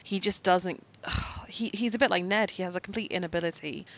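A woman with a notably low voice hosts a casual book podcast and gives emphatic, analytical opinions. She builds each point in full sentences, with lively stress on key words. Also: brisk. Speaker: podcast host.

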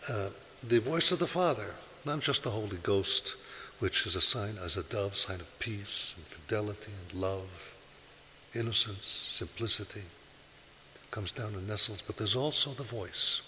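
Emphatic preacher in a reverberant hall. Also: male voice, lowish voice, unhurried. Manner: emphatic, rising to forceful peaks when quoting scripture. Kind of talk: sermon. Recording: hissy recording in a large reverberant hall.

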